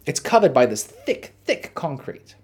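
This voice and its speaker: An Australian man hosting a podcast, telling a story in a casual, animated, profane way. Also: on the high side, a little slow, husky. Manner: animated, profane, dramatic retelling. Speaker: podcast host.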